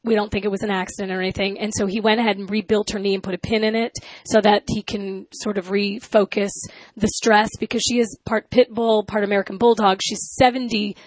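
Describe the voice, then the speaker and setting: A middle-aged woman chatting casually as a guest, telling stories with lively energy and acting out quoted lines. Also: a little fast, few pauses, no room sound, poor audio. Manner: animated storyteller, acts out quotes in high voice. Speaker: talk show guest, news journalist. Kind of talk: casual chat.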